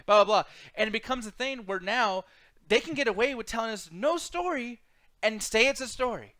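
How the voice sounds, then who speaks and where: A man with a high, bright voice rants through a casual movie chat as co-host. He swears constantly and complains with animated energy. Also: brisk. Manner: profane, ranting, animated. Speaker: podcast co-host.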